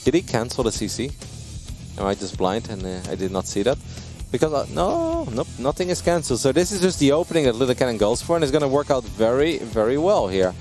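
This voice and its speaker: A man in the middle of live esports commentary, lively and easily excited. He laughs often and his voice jumps high when a play surprises him, with faint music playing underneath. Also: a little fast. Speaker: esports caster.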